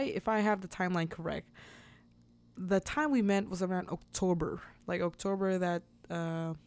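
A woman hosting a podcast, telling a personal story in a chatty, animated way, laughing often and acting out the dialogue. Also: on the low side. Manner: chatty with many fillers and restarts. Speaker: podcast host. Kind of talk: casual storytelling.

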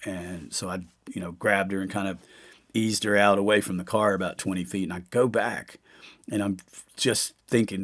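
A middle-aged man talks through a podcast monologue in a fairly low voice. He rambles from story to story, swearing freely and leaning on fillers like "you know" and "man". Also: steady tone, moderate pace, fairly bright tone. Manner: rambling and profane, with frequent fillers. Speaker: podcast host.

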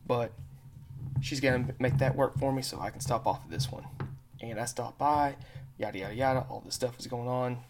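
A man's voice: mid-range voice, moderate pace, noisy background. Man, podcast host, loose rambling storyteller who curses freely. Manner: says he has a terrible accent and mispronounces words. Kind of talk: casual monologue.

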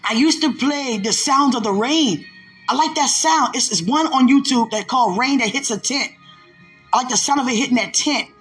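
A woman's voice: fairly high pitch, a bit bright. A woman hosting a devotional podcast, laughing often and talking aloud to God between emphatic, preachy lines. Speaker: podcast host.

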